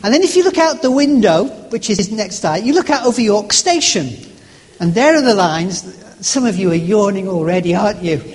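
A man's voice: high voice, animated, fairly quick, few pauses. A man preaching a sermon, telling stories in a conversational way with stumbles and asides to the congregation. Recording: long reverb of a large hall.

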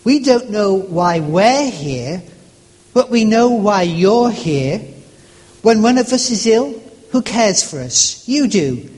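A preacher voicing a group of fellow women prisoners who gently and insistently reassure a friend with repeated questions. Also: male voice, high voice, animated, slow pace, husky, heavily acted. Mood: tender, insistent. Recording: long reverb of a large hall.

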